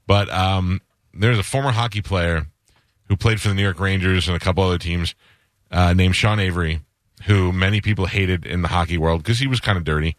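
A man's voice: low voice, fairly quick, no room sound, clean studio sound. A man hosting a radio show, chatting casually and telling rambling stories, acting out the voices of the people he quotes.

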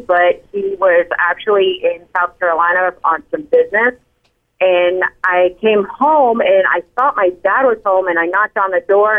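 Woman calling in on a tinny phone line, blunt and straight to the point. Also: medium pitch. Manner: blunt, forceful retelling. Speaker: caller. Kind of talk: telling a story on a phone-in show.

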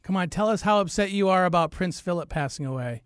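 A man's voice: high voice, fast, clean tone, no room sound, clean studio sound. A man co-hosting a morning radio show, teasing. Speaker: radio co-host.

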